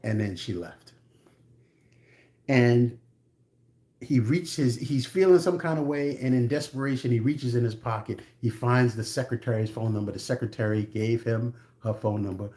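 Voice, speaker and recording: A man's voice: mid-range voice, moderate pace, mellow. A man reviewing a film, retelling the plot in a casual, blunt way with frank asides.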